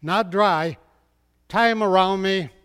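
A man's voice: high voice, takes it slowly, fairly bright tone, smooth. A man voicing a strongman who explains himself plainly, repeating words for stress. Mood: earnest. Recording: long hall reverb.

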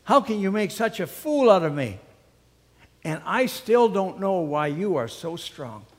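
Delilah, a scheming young woman, as a male preacher puts her on, coaxes and pleads in a high, swooping sing-song. Her voice rings out in a long, echoing hall. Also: sing-song, measured pace. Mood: pleading.

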